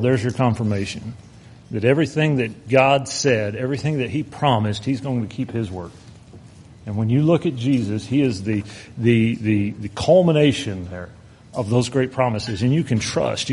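A man preaching a sermon, earnest, slowing down to stress his points and reading scripture aloud. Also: mid-range voice, darkish tone, husky.

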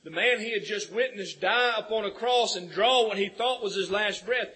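A man's voice: high-pitched, normal speed, sharp tone, slightly rough, poor audio. A man preaching a sermon, earnest and building to emphatic peaks.

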